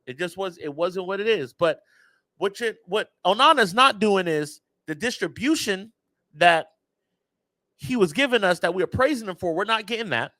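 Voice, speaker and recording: A man's voice: high voice, expressive, moderate pace, sharp tone, no echo. A man hosting a football fan channel, giving an emphatic, exasperated reaction rant and talking straight to his viewers.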